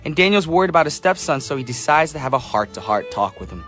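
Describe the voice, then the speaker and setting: A man's voice: on the high side, sing-song, fast. A man hosting a radio show, chatting casually and upbeat while reading listener messages. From United States. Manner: chatty, upbeat, laughs easily. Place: radio studio. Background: soft background music.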